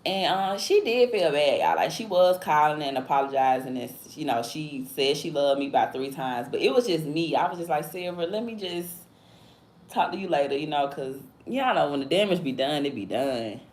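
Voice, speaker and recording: A woman's voice: sits low, expressive, moderate pace, a little mellow. A woman in her thirties livestreaming and talking casually in slang, often asking "you feel me?". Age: 30s. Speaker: livestream host. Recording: echoey room with faint background noise.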